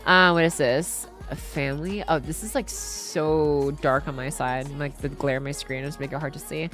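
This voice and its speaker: A woman's voice: sits low, steady tone, moderate pace, fairly bright tone, faint music behind. A woman streamer with a Southern US accent, chatting in a loose, rambling way and swearing casually on a livestream.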